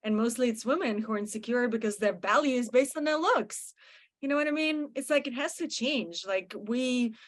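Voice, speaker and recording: A woman, an actress guest venting with animated indignation in a casual panel chat. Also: fairly high pitch, moderate pace. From France. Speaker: talk show guest, actress.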